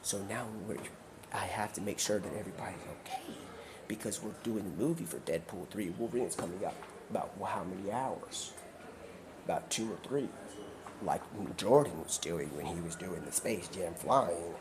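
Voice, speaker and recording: A man's voice: low-pitched, moderate pace. A man livestreaming from a car while driving, telling a rambling improvised story that keeps jumping between put-on voices and whispers. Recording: clear background noise.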